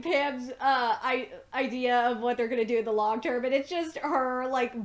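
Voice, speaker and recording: A young woman recapping a TV episode in a casual, excitable way, laughing often, swearing and filling gaps with um and uh. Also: on the high side. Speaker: episode reviewer.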